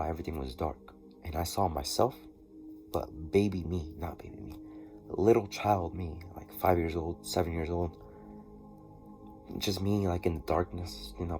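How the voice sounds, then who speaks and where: Deep-voiced man rambling over music. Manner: halting and rambling, with many restarts and fillers. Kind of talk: personal diary vlog, recounting an experience.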